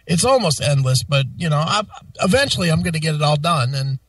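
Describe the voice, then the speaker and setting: A man's voice: a little high, animated, brisk, a bit bright, no room sound, far from the mic, low-quality recording. A man co-hosting a casual radio talk show, worn out from lack of sleep and swearing freely as he talks. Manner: blunt and frank, swears freely.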